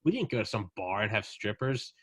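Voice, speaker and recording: A young man talks in a loose, rambling way, full of swearing and silly bits where he plays other people. His voice sits at an ordinary pitch. It is close and dry, with no room sound. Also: sing-song, brisk, slightly rough, dry recording. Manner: rambling, profane, acts out drunk aliens in quotes. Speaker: podcast host. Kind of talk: casual chat.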